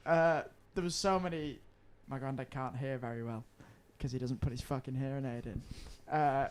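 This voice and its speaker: A man's voice: medium pitch, fairly even intonation, normal speed, smooth. A young man telling a long anecdote on a podcast, rambling, swearing and laughing. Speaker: podcast co-host. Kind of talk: casual chat, storytelling.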